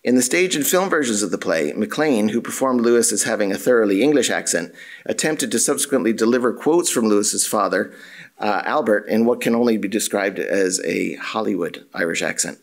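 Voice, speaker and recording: Male lecturer, lowish voice, formal measured reading of a scholarly paper, occasional filler. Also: expressive. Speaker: academic lecturer. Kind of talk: reading a prepared conference paper. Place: university symposium room.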